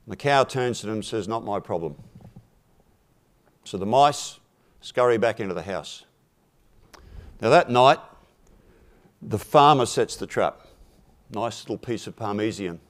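At a forum, a man tells a simple fable in a talk, measured and deliberate, lowering his voice when the punchlines land. His voice sits on the low side with lively intonation.

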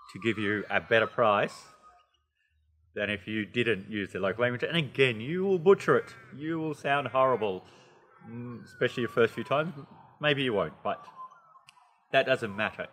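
A man with an Australian accent giving a casual, chatty English lesson, animated and playful, with many asides. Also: medium pitch, in a large hall, a little hiss or hum. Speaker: English teacher.

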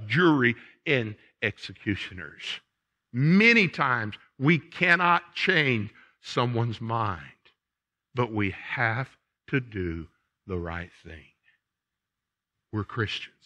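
A man preaching a sermon in a church, folksy and conversational, swinging from quiet reflection to loud punchy asides. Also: medium pitch. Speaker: pastor. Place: church sanctuary.

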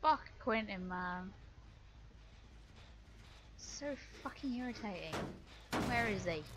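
A woman's voice: mid-range voice, animated, slow pace, noisy background. A young woman streaming a video game, swearing and taunting another player in a raging, profane way. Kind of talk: live gameplay commentary.

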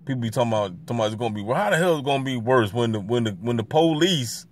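Man, outdoor vlogger, mid-range voice, dry close sound, slangy taunting commentary, mutters then shouts. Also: mid-range voice, expressive, racing, few pauses, no room sound. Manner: taunting, slangy, swings from mutters to loud jeers. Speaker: vlogger filming from the street. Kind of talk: casual running commentary to camera. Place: outdoors by a street. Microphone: handheld camera.

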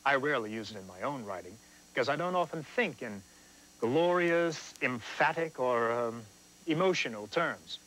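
A man's voice: mid-range voice, animated, moderate pace, fairly bright tone, low-quality recording. A man hosting a scripted TV writing lesson, explaining things in a dry, self-deprecating way. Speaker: teacher and host.

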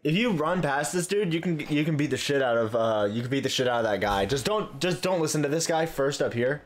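A man's voice: a little high, animated, brisk. A man giving casual let's play commentary, bossy and profane, laughing often.

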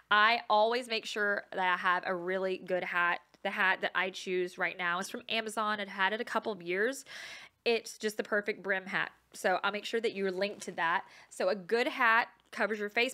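Brief: woman podcaster, bright forceful voice, casual self-deprecating storyteller who laughs a lot. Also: medium pitch. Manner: chatty and self-mocking, laughs often. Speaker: podcast host.

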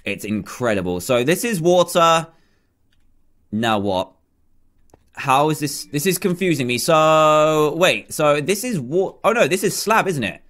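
A man's voice: on the high side, expressive, a little slow, fairly bright tone. A young man commentating his own game play, chatty, self-mocking and easily flustered. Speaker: gaming YouTuber.

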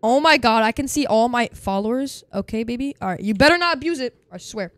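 A man with a high, youthful-sounding voice, chattering casually to his viewers during a live game stream and bursting into loud excited outbursts. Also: a little fast, hardly any pauses, no echo, studio quality. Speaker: game livestreamer.

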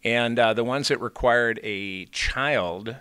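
A man's voice: medium pitch, slow, sharp tone, clear, resonant tone, dry recording. A man from Illinois, an actor being interviewed, telling long anecdotes with many fillers and restarts. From Illinois, USA. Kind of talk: casual storytelling in an interview.

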